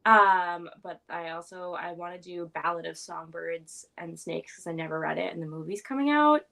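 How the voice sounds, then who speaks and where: A woman's voice: lowish voice, normal speed, vocal fry, fairly bright tone. A young woman guest on a reading livestream, rambling casually with lots of fillers. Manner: chatty, rambling with many fillers. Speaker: guest book vlogger. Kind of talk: casual chat.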